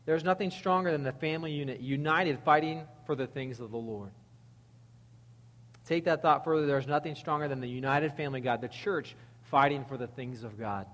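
A man preaching a sermon in a conversational, animated way, reading verses and acting out quotes. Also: fairly high pitch, a little fast, in a large hall. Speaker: pastor.

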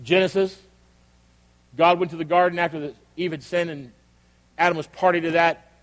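A man's voice: a little high, fairly even intonation, moderate pace. An older man, a pastor, preaching a sermon in a conversational storytelling way that builds to emphatic questions. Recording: long reverb of a hall.

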